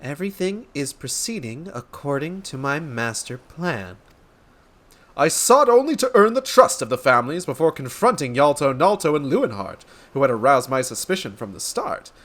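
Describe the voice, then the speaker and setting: A man reading game dialogue aloud as a pompous, grandiose gentleman inspector with flowery, theatrical speech. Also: fairly high pitch, big pitch swings, a little fast, few pauses, exaggerated voice. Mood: smug.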